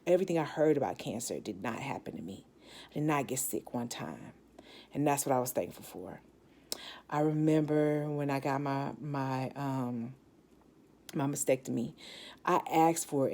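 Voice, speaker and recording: Low gravelly woman telling her story. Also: dark tone. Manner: reflective and candid, with frequent restarts. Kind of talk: personal storytelling.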